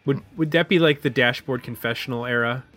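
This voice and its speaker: A man's voice: medium pitch, brisk, fairly bright tone, faint music behind. A man co-hosting an album review podcast, chatting casually with some hesitant fillers. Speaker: podcast co-host.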